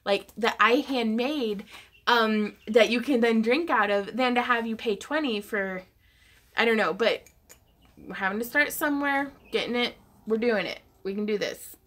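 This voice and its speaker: A chatty woman hosts a casual craft livestream. She talks in a fairly high voice, giggles often, and reads viewer comments aloud. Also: normal speed, a bit bright.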